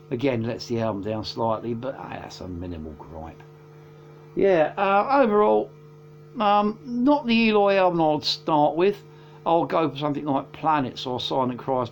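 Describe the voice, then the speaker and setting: A man's voice: mid-range voice, a little hiss or hum. A man, casually reviewing albums from his collection, rambling with many fillers and self-corrections. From England. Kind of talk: casual chat.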